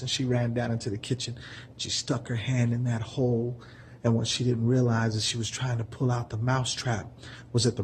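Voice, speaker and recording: A man's voice: fairly low pitch, a little hiss or hum. A man telling a story in a casual, earnest way, keeping his voice down, with many fillers. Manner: soft-spoken, keeping voice down. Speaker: vlogger telling a parable.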